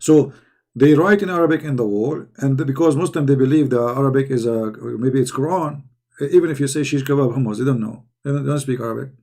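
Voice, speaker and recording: Hoarse, gravelly man, heated commentary. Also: medium pitch, warm tone. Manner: heated, rhetorical questions, halting non-native English. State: hoarse, losing his voice. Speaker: online commentator. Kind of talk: polemical commentary while reading texts aloud.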